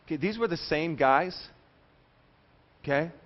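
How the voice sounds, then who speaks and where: A man preaching a sermon as pastor, animated, telling stories and acting out quoted voices. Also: fairly high pitch, measured pace, lo-fi sound.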